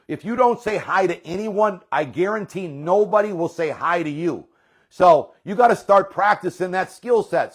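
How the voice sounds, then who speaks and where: A man leading a network marketing team, giving a fired-up, rambling motivational talk that repeats itself. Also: a little high.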